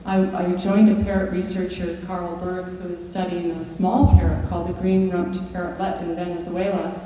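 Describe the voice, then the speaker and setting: Here a woman author with a lowish voice and flat delivery reads and tells stories at a moderate pace, now and then using fillers or starting over. Her lecture in a large hall is recorded from afar, echoey, with background noise.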